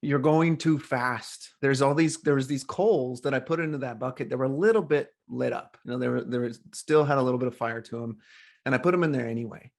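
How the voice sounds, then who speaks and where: A middle-aged man, a coach, telling a story as a podcast guest in a lively, animated way. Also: medium pitch, fast talker, creaky. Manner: animated storyteller, acts out quoted voices. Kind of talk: casual storytelling interview.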